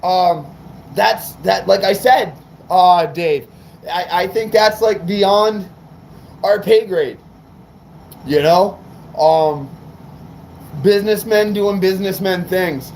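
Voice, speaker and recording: A man's voice: sits high, slow pace, pauses often, darkish tone, slight background noise, poor audio. A man from New England chatting casually on a livestream, rambling and swearing, fired up. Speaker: car audio livestreamer.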